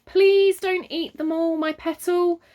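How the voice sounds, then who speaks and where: A woman's voice: extremely high pitch, steady tone, slow, warm tone, voice pushed up. A woman doing a flustered meek father. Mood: pleading. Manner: polite, flustered pleading. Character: meek fussy little father, man.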